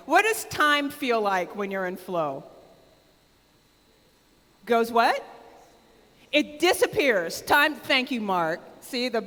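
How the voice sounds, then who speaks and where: An American woman speaking at a conference, her voice sitting a bit high and full of eager energy. She draws the audience in and urges them to call out answers, at times nearly shouting. The sound rings with the long reverb of a large hall. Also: slow pace, pauses often. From United States. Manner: loud and excitable, close to shouting. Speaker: keynote speaker. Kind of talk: conference keynote talk.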